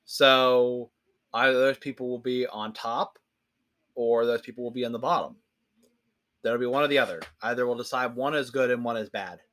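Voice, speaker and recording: A man's voice: mid-range voice, fairly bright tone. A young man hosting a podcast, ranting casually in a profane, rambling, emphatic way. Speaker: podcast host. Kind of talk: casual rant.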